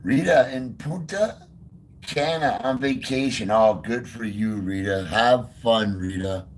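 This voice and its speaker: A man's voice: medium pitch, slow pace, slight background noise. A man hosting a casual live stream outdoors in the cold, greeting viewers by name one after another. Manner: soft baby talk to his dog. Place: outdoors in freezing cold by a river.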